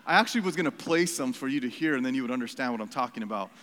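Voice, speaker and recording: A man's voice: medium pitch, lively intonation, racing, a bit bright. A man preaching a sermon as pastor, earnest and emphatic, repeating phrases and stopping for asides. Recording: reverberant hall.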